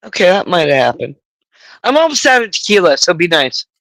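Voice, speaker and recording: A woman's voice: on the low side, sing-song, brisk, fairly bright tone, no room sound, rough recording. A woman hosting a casual livestream, talking in a profane, rambling way. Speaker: livestream host.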